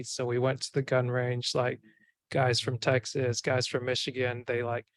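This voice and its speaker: A man's voice: mid-range voice, completely flat delivery, moderate pace, no room sound. A man hosting a podcast, chatting casually and rambling with many filler words. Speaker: podcast host.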